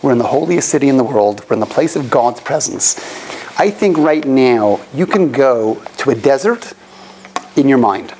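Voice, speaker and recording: A rabbi teaching a class to a live group, telling a story with lively shifts and acting out the people in it. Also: male voice, medium pitch, normal speed, slight background noise, low-quality recording. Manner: animated storyteller, acts out quoted voices. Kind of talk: storytelling lecture. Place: classroom opposite the Western Wall.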